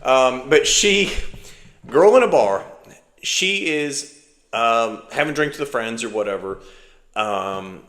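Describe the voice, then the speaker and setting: A middle-aged man co-hosting a podcast, telling a story in a rambling, animated way. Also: mid-range voice, slow pace, pauses often. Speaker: podcast co-host. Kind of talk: casual storytelling chat. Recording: echoey room.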